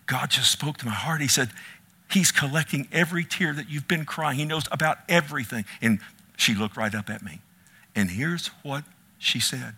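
A middle-aged man preaching a sermon as pastor. His voice is bright and forceful, at a middle pitch. He moves from loud, ringing calls to soft, hushed storytelling.

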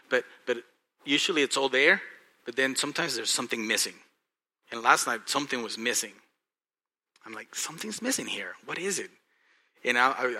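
A male pastor with a Texan accent delivers a sermon in a very bright, sharp voice. He is impassioned, dropping to hushed, earnest lines and then rising to loud, excited bursts. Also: medium pitch.

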